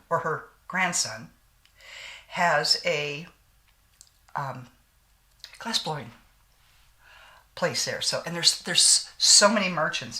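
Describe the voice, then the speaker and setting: A woman in her sixties chats away as she does her makeup, trading homespun stories and sayings with a slight lingering cough. Her voice sits low but has a bright, forceful edge to it. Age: 60s. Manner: chatty storyteller with frequent laughs and folksy sayings. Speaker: beauty vlogger. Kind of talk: casual chat while doing makeup.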